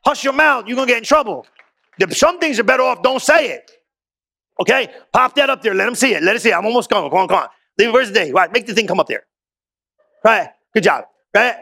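A man's voice: high voice, expressive, fast talker, sharp tone. A man preaching a sermon as pastor in a casual, slangy style, often asking the crowd questions and answering himself.

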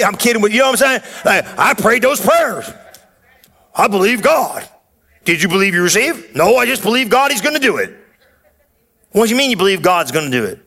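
High bright preaching man. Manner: energetic call-and-response preaching, frequent rhetorical questions. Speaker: pastor. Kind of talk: sermon.

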